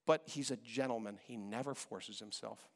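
Gravelly animated preacher in a hall. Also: male voice, mid-range voice, normal speed. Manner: animated preacher, acts out voices in quotes, repeats himself. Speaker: pastor. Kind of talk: sermon. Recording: long hall reverb.

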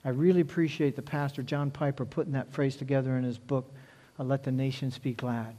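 A man's voice: medium pitch, steady tone, a little fast, mellow. A male pastor preaching a sermon earnestly, repeating key phrases for emphasis.

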